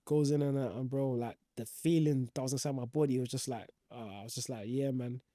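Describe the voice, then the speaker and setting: A young footballer, guesting on the show, casually recounts his professional career in slangy talk that rambles and fills up with fillers. He speaks briskly in a dark, mid-range voice with fairly even intonation, in echo-free studio quality.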